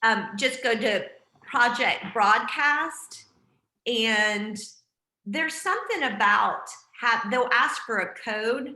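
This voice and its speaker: A woman's voice: on the high side, expressive, takes it slowly, bright, forceful tone, roomy sound. A woman hosting a casual team video call, chatty and encouraging with lots of fillers.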